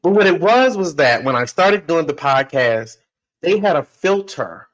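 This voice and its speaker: Over poor audio, a man with a slightly high, sing-song voice hosts a podcast at a measured pace. He recounts a personal story emphatically, repeating phrases and talking straight to the listeners.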